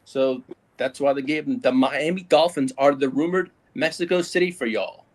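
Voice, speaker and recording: A man's voice: medium pitch, normal speed. A man co-hosting a casual sports talk show, reading out news items in an easygoing way. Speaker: co-host.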